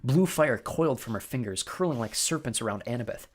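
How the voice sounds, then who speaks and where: A man giving expressive first-person storybook narration. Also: medium pitch, a little fast.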